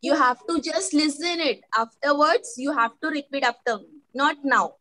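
A woman teaching young children an animal poem in Indian English, speaking in a slow sing-song way and imitating animal sounds. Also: sits high, sharp tone, low-quality recording. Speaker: primary school English teacher. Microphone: online lesson recording.

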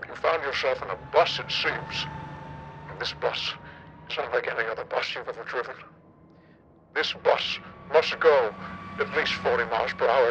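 A man voicing a sinister male Jigsaw-style captor who lays out deadly rules in a slow, hushed, menacing monologue. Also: mid-range voice, lo-fi sound, slight background noise, voice pushed down. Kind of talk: mock horror-movie monologue.

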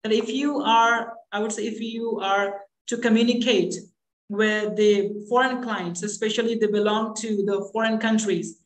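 A man's voice: high-pitched, steady tone, normal speed, roomy sound, rough recording. A man with an Indian English accent, an English trainer explaining points patiently with examples in a live online session. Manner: teacherly, explains with examples, tags "okay?".

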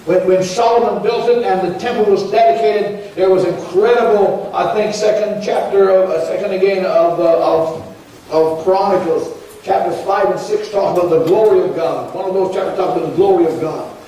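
A man's voice: sits high, fairly even intonation, moderate pace, mellow. A man, a pastor preaching a sermon in a church, earnest and repetitive, rising into pleading prayers. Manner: earnest preaching with repeated words and rising pleas. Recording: echoey church from a distance with faint ambience.

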